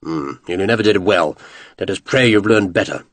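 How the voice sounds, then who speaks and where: A man voicing a stern general who speaks in a lower, curt and commanding way. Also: a little fast, dry recording. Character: stern clipped male general, dry and commanding.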